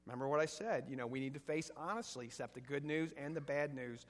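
A fast-talking male pastor with a higher-pitched voice gives a conversational sermon in a church sanctuary, quizzing the congregation and pushing up to emphatic peaks. The sound carries the echo of the hall.

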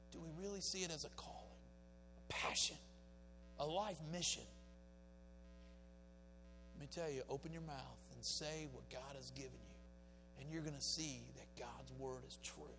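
Man, pulpit preacher, high-ish voice, fiery to folksy, long church reverb. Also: unhurried, pauses often. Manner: impassioned, swings between shouted exhortation and quiet storytelling. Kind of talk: sermon. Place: church sanctuary. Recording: reverberant church hall with faint music.

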